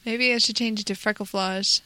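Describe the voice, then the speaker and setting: A woman's voice: mid-range voice, steady tone, brisk, sharp tone. A woman co-hosting a casual gaming podcast, playful and teasing, often giggling. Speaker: podcast co-host.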